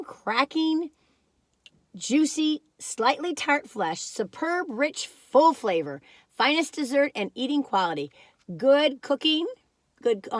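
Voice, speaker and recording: A woman in her sixties vlogs a casual food review on camera, rambling and self-deprecating. Her slightly squeaky voice has mellowed with age, and there's no room sound.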